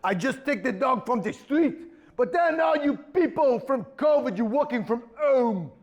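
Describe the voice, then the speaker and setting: A man's voice: very high-pitched, expressive, a little slow, full character voice. A man voicing a pompous villainous diva sorceress, on a theatre stage. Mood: haughty.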